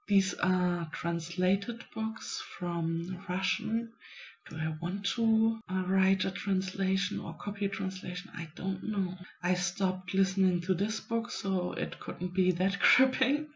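A woman, a writing vlogger musing aloud to herself in a casual, unhurried way. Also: fairly low pitch. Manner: musing, unhurried, self-talking. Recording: dull lo-fi recording.

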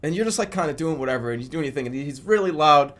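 A man chatting casually on a livestream, joking and swearing freely, often bursting into loud laughter. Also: fairly high pitch, animated, very fast.

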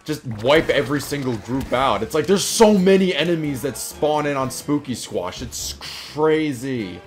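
A man doing gameplay commentary with quick running remarks on the action. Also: mid-range voice, animated, soft background music. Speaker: gaming YouTuber.

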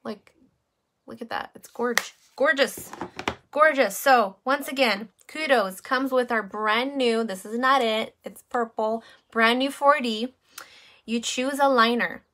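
A woman's voice: a little high, takes it slowly, bright, forceful tone. Chatty woman selling makeup on a live stream. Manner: chatty, greets viewers by name, many fillers. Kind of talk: casual live-stream chat.

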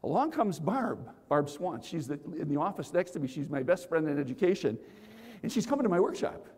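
A middle-aged man giving a live motivational keynote, telling stories and shouting to the crowd in a large conference hall. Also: on the high side, brisk, breathy edge. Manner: energetic storytelling, shouts to the crowd. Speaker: motivational speaker. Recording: long reverb of a big hall.

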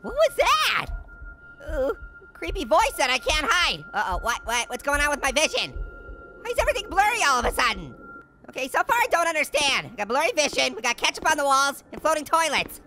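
A woman's voice: high voice, very animated, a little fast, pushed and bright, soft background music. A woman hosting a comedic let's-play, chatting and giggling as she plays a spooky game. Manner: giggly, jokey, exclaiming. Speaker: gaming channel host.

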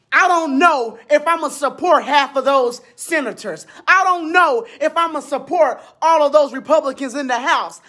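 A man delivering an angry political rant to the camera, often shouting, repeating himself and swearing bluntly. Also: very high-pitched. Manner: shouting, repetitive, blunt and profane. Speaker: video blogger.

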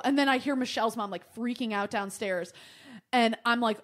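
Fast, animated, swearing young woman. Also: on the high side. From Michigan, USA. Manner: swears freely, animated and exaggerated. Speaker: podcast guest. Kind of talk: casual comic storytelling.

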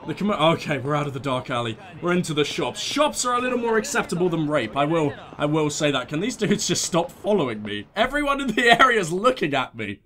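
A man's voice: on the high side, sing-song, fast talker, few pauses, bright, forceful tone. A man hosting a let's play, joking through the game and reading the subtitles aloud in silly voices. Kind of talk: gameplay commentary. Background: game music.

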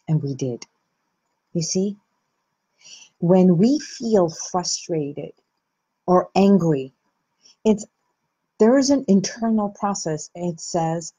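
A woman hosting a reflective self-help talk, speaking slowly and gently with soft pauses. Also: lowish voice, expressive, husky, lo-fi sound. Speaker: host.

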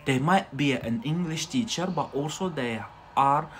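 A man's voice: a little high, unhurried, a bit bright. A man with a Scottish accent teaching English words on a live stream, chatty and checking in with frequent tag questions.

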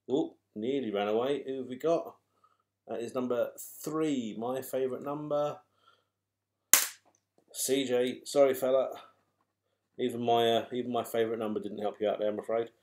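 A man hosts a raffle draw, calling numbers and names with a chatty, teasing, unhurried manner. His voice sits at an ordinary middle pitch. Loud clicking of raffle balls is heard clearly behind him. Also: steady tone, background noise. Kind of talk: live raffle draw commentary.

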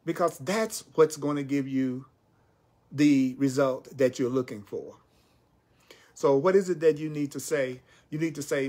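A man teaching a spiritual class, speaking emphatically and repeating affirmations slowly. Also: mid-range voice, a little mellow, faint music behind. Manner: emphatic, slow repetitions of key phrases.

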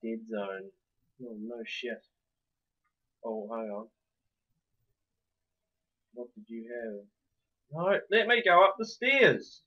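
Gamer guy, unhurried, swears a lot, muttering then yelling, dull lo-fi mic. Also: mid-range voice, big pitch swings. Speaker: gameplay commentator. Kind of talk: casual let's-play commentary.

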